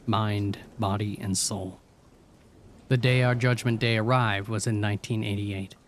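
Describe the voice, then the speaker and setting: A man narrating a scripted horror story in a measured, somber way. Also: lowish voice, a little hiss or hum. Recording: faint rain ambience behind.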